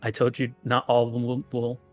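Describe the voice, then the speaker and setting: A man's voice: mid-range voice, completely flat delivery, a little fast, darkish tone, soft background music, natural voice. A man playing an earnest woman hero in a tabletop game, speaking hesitantly with many fillers.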